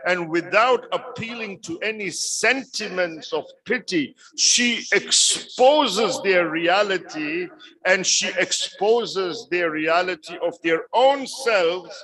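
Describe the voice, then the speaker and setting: A man's voice: high-pitched, sharp tone, rough recording. A man giving a religious sermon over a video call. He speaks with emphasis and often checks in with his listeners by asking 'yes?'. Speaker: preacher.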